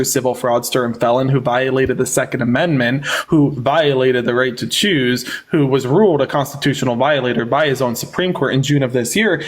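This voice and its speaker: A young man from rural Pennsylvania hosting a debate livestream, combative and quick, laughing often. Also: medium pitch.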